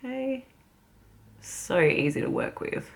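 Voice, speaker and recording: A woman's voice: sits high, expressive, slow pace. An Australian woman chatting casually as a beauty vlogger while doing her makeup, giggling often. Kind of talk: casual get-ready-with-me chat.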